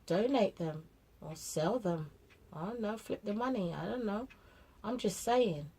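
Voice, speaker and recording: A woman's voice: medium pitch, lively intonation, unhurried, warm tone, husky, rough recording. A middle-aged woman with a British accent, chatting bluntly and casually about parenting, full of slang. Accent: British English. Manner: chatty and blunt, with street slang, acting out family exchanges. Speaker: parent vlogger. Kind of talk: casual monologue giving parenting advice.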